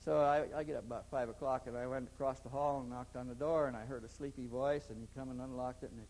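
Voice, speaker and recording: A man being interviewed tells a long anecdote about his experiences, rambling along and often repeating the opening words of his sentences. His mid-range voice is fast and darkish, with fairly even intonation, and the low-quality recording carries a slight hiss or hum.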